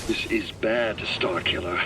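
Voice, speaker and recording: An actor playing a blunt, grizzled older rebel general in a video game cutscene. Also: male voice, on the low side, slow, over music. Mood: urgent. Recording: game audio with loud score.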